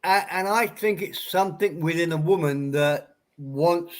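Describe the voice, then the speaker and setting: A man with an English accent in a casual live stream chat, slowly giving his view with hesitations and coughs. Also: on the high side. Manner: slow, hesitant, thoughtful, clears throat and coughs.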